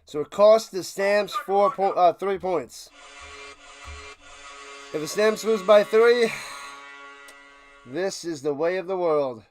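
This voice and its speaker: A man hosting a live football watch party, calling plays and ranting, swinging between shouts and low mutters and repeating himself. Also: takes it slowly, long pauses, soft background music. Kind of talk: live play-by-play and reaction commentary.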